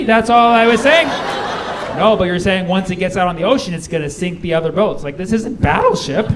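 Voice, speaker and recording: A male stand-up comedian performing an animated set, jumping into exaggerated voices for his bits. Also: high-pitched, moderate pace. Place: live comedy venue with audience. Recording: live room with crowd and noise. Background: audience laughter.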